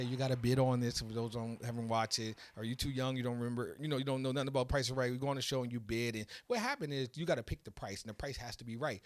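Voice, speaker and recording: A man hosting a casual podcast, telling a story in an excitable, animated way that builds to loud peaks. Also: fairly high pitch, no room sound. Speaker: podcast host.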